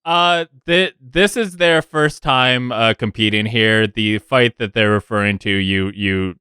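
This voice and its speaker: A man narrating as game master of a tabletop game, halting and unhurried with chuckles. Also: fairly low pitch, pushed and bright, smooth, no room sound, studio quality. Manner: halting, many fillers and restarts, chuckling.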